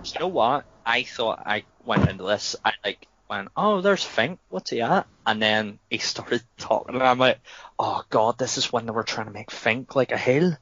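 A man's voice: fairly low pitch, moderate pace, no echo, lo-fi sound. A man co-hosting a casual wrestling podcast, telling stories with lots of laughter. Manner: laughing, animated storytelling. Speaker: podcast co-host.

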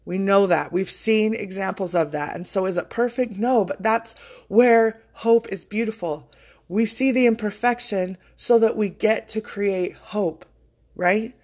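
A woman's voice: mid-range voice, measured pace, darkish tone. A woman hosting a podcast, talking in a casual, heartfelt motivational monologue, choked up with emotion and swearing freely. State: choking up with emotion. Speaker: podcast host.

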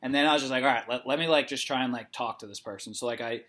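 A man's voice: medium pitch, racing, a bit bright. A young man casually telling a long story, rambling with lots of "like" and acting out the dialogue. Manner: rambling, heavy use of "like", acts out dialogue.

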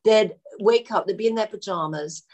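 A woman telling film-set anecdotes in a relaxed interview, often laughing as she talks. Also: mid-range voice, moderate pace, slight background noise. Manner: animated, laughing storyteller. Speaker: actress guest.

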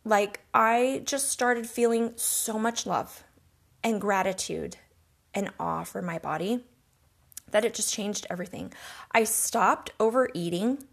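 A woman's voice: mid-range voice, unhurried, vocal fry. A woman hosting a podcast, telling a personal story in an earnest, reflective and emotional way. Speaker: podcast host.

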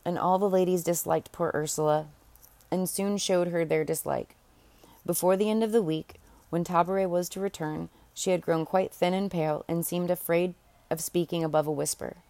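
A woman reads a fairy tale aloud in a homely, unpolished way. She sometimes stops and restarts a phrase. Her voice sits a little low, recorded dry and close. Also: fairly even intonation, moderate pace, gravelly, dark tone, no room sound. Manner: unpolished, restarts and corrects herself. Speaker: audiobook reader. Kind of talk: storybook narration.

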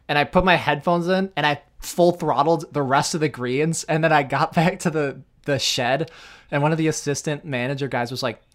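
Young male podcast co-host, slightly high voice, lively storyteller who acts out quotes. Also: moderate pace. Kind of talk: casual storytelling chat.

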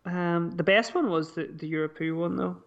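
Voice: mid-range voice, moderate pace, vocal fry, a bit bright, highs cut off. A podcast co-host in casual chat, playful and teasing, telling jokes.

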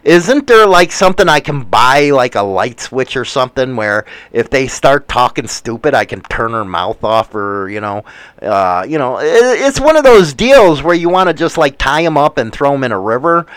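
Animated, profane man hosting a casual show. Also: medium pitch, moderate pace, smooth, dry recording. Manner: rambling, profane, wisecracking. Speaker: show host reading the news. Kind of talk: casual live show chat.

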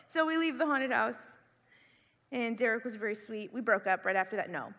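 Young woman preacher, high bright voice, big echoey hall, acts out the scary bits. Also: moderate pace, pauses often. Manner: animated storytelling, acts out screams and panic. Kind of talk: sermon with personal story. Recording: long hall reverb.

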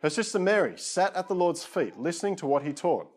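A man's voice: fairly high pitch, big pitch swings, a little fast. Casual self-deprecating male preacher. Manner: casual, self-deprecating, lots of asides to listeners. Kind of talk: conversational sermon.

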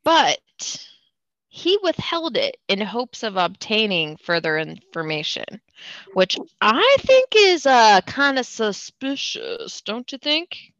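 A woman's voice: fairly high pitch, wildly swooping pitch, slow, a bit bright, dry recording, dull audio. A tipsy woman hosting a podcast, reading a story aloud with giggling asides and apologies. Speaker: podcast host. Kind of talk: casual storytelling chat.

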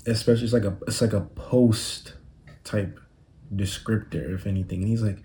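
A young man talks in a loose, rambling way, full of slang, like he is just chatting with a friend. His voice sits low and mellow. The sound is picked up on a phone. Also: steady tone, moderate pace, slight background noise. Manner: laid-back, rambling slang-heavy storytelling. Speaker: podcast host. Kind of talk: casual solo monologue. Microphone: phone recording.

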